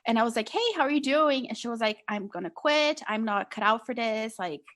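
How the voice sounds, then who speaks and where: Brief: young woman podcast guest, slightly higher pitch, earnest, rambling storyteller full of fillers. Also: expressive, fairly quick, a bit bright. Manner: earnest storytelling, many fillers like "like" and "you know". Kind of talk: casual conversational interview.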